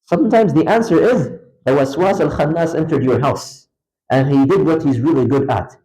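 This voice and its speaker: A man with a fairly high voice lectures in a mosque hall, speaking straight to his listeners. He tells everyday examples with emphasis, his pitch jumping up and dropping back down. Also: moderate pace. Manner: animated, emphatic storytelling with wide pitch swings; conversational, addresses listeners directly. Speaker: Islamic lecturer. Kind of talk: classroom religious lecture.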